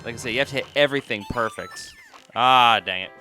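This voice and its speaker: A man's voice: medium pitch, brisk, pushed and bright, soft background music. A man giving casual, jokey gameplay commentary as a let's play host, chatting to the game as he plays.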